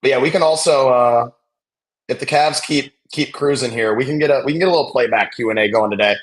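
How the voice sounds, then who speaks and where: A man hosting a live basketball watch-along, chatting casually and calling plays with excitement. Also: medium pitch, quick pace. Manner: chatty, excitable, reacts loudly to big plays.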